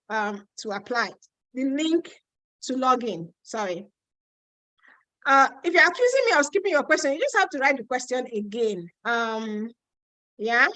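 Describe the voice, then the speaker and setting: A woman's voice: on the high side, a bit bright, no room sound, poor audio. A woman with a Nigerian accent hosting a casual live stream, reading out viewer questions and answering them frankly, with some teasing.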